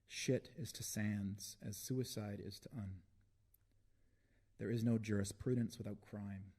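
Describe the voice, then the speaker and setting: A man reading his own poems aloud at a live book launch, with deliberate phrasing and long pauses between lines. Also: fairly low pitch, fairly even intonation, dark tone, slightly rough. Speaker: poet reading his work.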